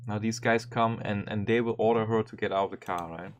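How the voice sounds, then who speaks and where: A man streaming and commenting casually on a video, animated and swearing often, with frequent restarts. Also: fairly low pitch, brisk, dull audio.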